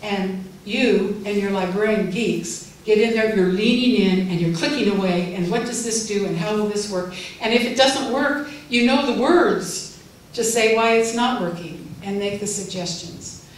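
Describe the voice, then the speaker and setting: An older woman giving a heartfelt, gently humorous farewell speech at a library event. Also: mid-range voice, unhurried. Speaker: farewell speaker. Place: event room. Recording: echoey hall from far off, faint noise.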